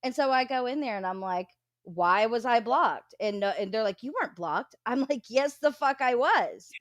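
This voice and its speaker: A woman's voice: a little high, animated, normal speed, dry recording, clean studio sound. A woman co-hosting a livestream, ranting in casual chat with lots of swearing and mocking quotes. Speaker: livestream co-host.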